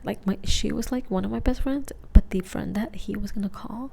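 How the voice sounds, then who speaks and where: A young woman telling a rambling ASMR story in a mostly whispered voice, casual and full of "like" and swearing, while high. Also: fairly quick, vocal fry, hardly any pauses, dark tone, a little hiss or hum.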